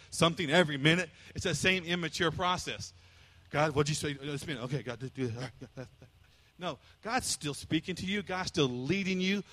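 A male pastor with a high, bright, ringing voice delivers a folksy, humorous sermon, repeating himself and slipping into small acted scenes. His voice carries a long reverb from a large church hall. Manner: folksy, repetitive, acts out little scenes.

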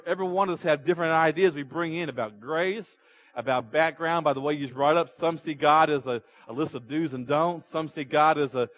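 A man's voice: fairly high pitch, a bit bright. A male pastor preaching a sermon, retelling a story and putting rhetorical questions to his congregation. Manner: storytelling with repeated restarts.

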